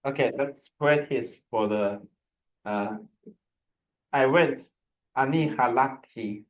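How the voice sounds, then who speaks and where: A man of average pitch guides students through a language lesson on a video call. He explains slowly and patiently, often stopping to restart a sentence. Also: dull audio. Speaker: Hebrew teacher.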